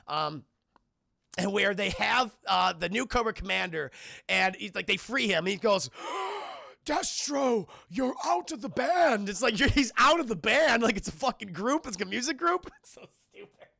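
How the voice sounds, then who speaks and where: A man's voice: high voice, vocal fry. A man streaming a casual, profane film recap to a live chat and talking to the chat often. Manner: excitable, profane, frequently addresses the chat.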